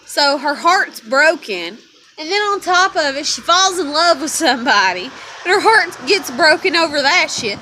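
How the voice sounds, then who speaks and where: Lady vlogging, cussing nonstop, laughing thru it, kinda high voice, noisy background. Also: expressive, normal speed, bright, forceful tone. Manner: profane, swearing constantly, laughing as she talks. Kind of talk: casual rambling monologue.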